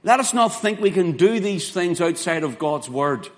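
A man's voice: high voice, expressive. A man preaching a sermon in an earnest, emphatic way, quoting scripture in King James phrasing. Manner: earnest, emphatic preaching with slow spelled-out words and dramatic quoted lines.

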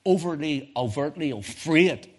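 A middle-aged man with a Northern Irish accent, a pastor preaching a sermon through animated, humorous storytelling. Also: fairly high pitch, a little slow.

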